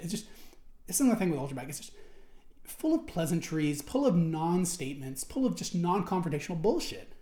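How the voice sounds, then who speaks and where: A man's voice: fairly high pitch, expressive, brisk, mellow. A man reading out forum posts and answering them in an indignant, rambling rant, restarting his sentences and swearing often. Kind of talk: ranting commentary while reading forum posts aloud. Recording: roomy echo.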